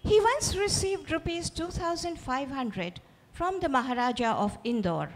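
A woman reading her own fiction aloud at a literary festival, expressive and speaking directly to the audience. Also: high-pitched, unhurried. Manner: expressive, storytelling, addresses audience. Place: festival auditorium. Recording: reverberant hall.

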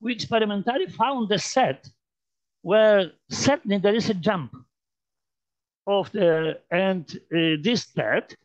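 A man with a Polish accent, a native Polish speaker, giving an informal mathematics lecture while demonstrating on a computer, halting with many fillers, restarts and repeated phrases. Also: high voice. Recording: dull lo-fi sound.

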